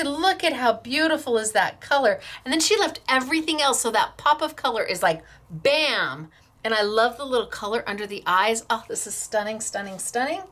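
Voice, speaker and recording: Gushing, excitable craft show hostess. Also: female voice, fairly high pitch.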